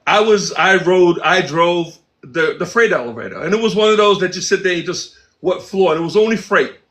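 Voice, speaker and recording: Male interview guest, high voice, animated storyteller who acts out the dialogue. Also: a little fast. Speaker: interview guest, music producer. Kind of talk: casual storytelling.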